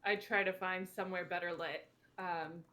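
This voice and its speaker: A woman's voice: on the low side, fairly even intonation, normal speed, pushed and bright. A woman playing a tabletop game, speaking hesitantly with many ums. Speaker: player. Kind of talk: casual tabletop play.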